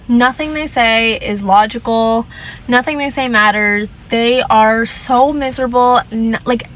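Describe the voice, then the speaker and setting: A woman's voice: fairly high pitch, fairly bright tone, a little hiss or hum, poor audio. Sassy young woman giving blunt advice. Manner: sassy, emphatic, fond of repeating lines; drops into mocking voices to quote people. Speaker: vlogger. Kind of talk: casual advice rant.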